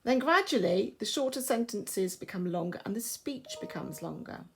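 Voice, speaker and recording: A woman's voice: medium pitch, animated, normal speed, husky. A woman with an English accent, a primary school teacher, giving a recorded lesson and explaining patiently and expressively.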